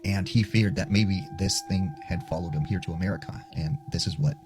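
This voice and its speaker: Low-voiced guy telling a scary story, real casual, lots of "like", music behind. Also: fairly quick. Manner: casual, chatty, full of filler words. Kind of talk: casual spoken ghost story.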